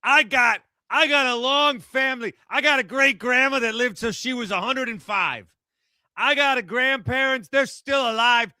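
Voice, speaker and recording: A man's voice: very high-pitched, moderate pace, sharp tone, no echo, heavily acted. A man putting on a mournful, complaining male New football fan. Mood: gloomy dramatic. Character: grumbling doom-laden male New York football fan.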